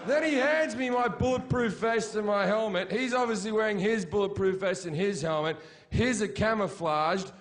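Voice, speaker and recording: A middle-aged man telling a crude war story as a stand-up comedian, breaking into shouted punchlines. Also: sits high, moderate pace. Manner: crude, shouty punchlines with sudden yelled quotes. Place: comedy stage before a laughing audience.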